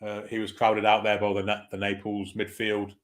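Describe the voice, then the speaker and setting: A man's voice: on the low side, completely flat delivery, normal speed, fairly bright tone. A man hosting a live football watchalong, giving casual play-by-play, swearing freely and reading out viewer comments. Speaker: host of a football watchalong stream.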